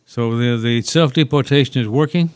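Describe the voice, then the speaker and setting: A man's voice: mid-range voice, normal speed, clear, resonant tone, dry recording. A man hosting a casual radio talk show, rambling and hesitant with lots of fillers and opinions.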